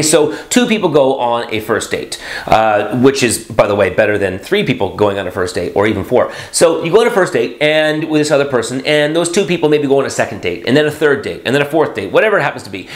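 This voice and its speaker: A man speaking as a motivational speaker in a vlog, sarcastic and jokey, breaking into sudden loud high bursts. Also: reverberant. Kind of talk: animated vlog monologue.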